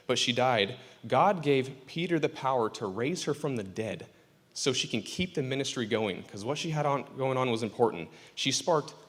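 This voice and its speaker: A man preaching a casual, joking sermon in a church. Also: medium pitch. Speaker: pastor. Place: church sanctuary. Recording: church hall reverb.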